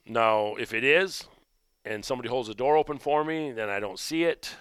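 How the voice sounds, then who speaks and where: Guy rambling thru a story on his podcast, smooth clear voice, dry close sound. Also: normal speed, no echo. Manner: rambling, conversational, drops low and quiet when recounting his own remarks. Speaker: podcast host and gun shop owner. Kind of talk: casual storytelling monologue.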